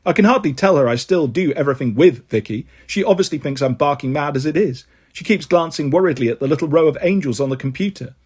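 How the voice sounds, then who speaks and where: A man reading a novel aloud in an expressive audiobook style, voicing the characters himself. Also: a little high, quick pace, hardly any pauses, husky. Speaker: storyteller.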